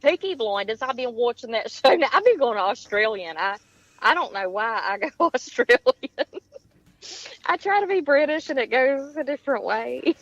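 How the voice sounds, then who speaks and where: A woman's voice: on the high side, normal speed, fairly bright tone, no room sound. A woman, a guest chatting candidly and laughing often. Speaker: guest musician. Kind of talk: casual chat. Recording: dull, dry, lo-fi line.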